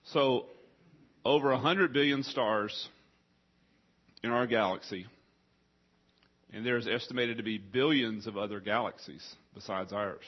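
A man preaching a sermon to a congregation, his voice husky and interrupted by coughing. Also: on the low side, a little slow, long pauses, highs cut off. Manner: coughing, choked up.

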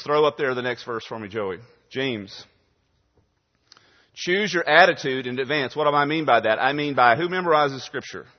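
A male pastor preaching a sermon, punching key words loudly, then dropping to quiet asides. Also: medium pitch. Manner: emphatic preaching, swings from loud stresses to quiet asides. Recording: dull sound in a reverberant hall.

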